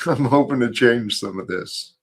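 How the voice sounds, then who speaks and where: A man hosts a casual spiritual chat and talks in a slow, unhurried way. His manner is earnest and reflective, and his voice sits in an ordinary middle pitch. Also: breathy edge. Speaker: livestream host.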